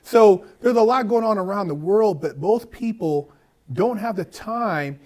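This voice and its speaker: A fairly high-pitched man hosting a podcast. He talks in a loose, animated way, swears freely and acts out the people he quotes. He sounds middle-aged. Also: unhurried. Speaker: podcast host. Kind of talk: casual conversation.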